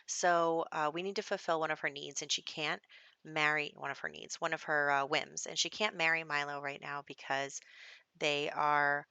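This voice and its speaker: A woman's voice: low-pitched, fairly even intonation, moderate pace, pushed and bright, clean tone, dry recording, highs cut off. A young adult woman giving casual, rambling commentary over a life-sim game, with lots of fillers and little laughs. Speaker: gameplay commentator.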